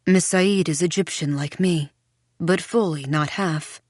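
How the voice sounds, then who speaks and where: A woman narrating a first-person audiobook in a measured storytelling manner. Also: on the low side, darkish tone, dry recording, studio quality.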